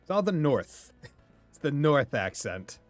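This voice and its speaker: This gamer from Massachusetts has a Massachusetts accent and a voice on the high side with big pitch swings, speaking unhurriedly. He laughs often and rambles casually during his stream, with no room sound and faint music behind him.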